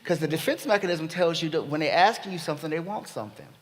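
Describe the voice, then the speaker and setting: A man speaking at a panel, telling a story in an animated way and acting out the dialogue. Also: fairly high pitch, fast talker. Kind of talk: storytelling talk. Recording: long reverb of a hall.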